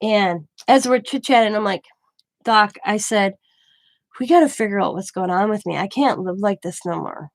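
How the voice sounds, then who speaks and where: A woman's voice: medium pitch, normal speed, dry recording. Woman telling a rambling story. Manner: rambling, animated retelling with quoted dialogue. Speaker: craft channel host. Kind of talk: casual storytelling.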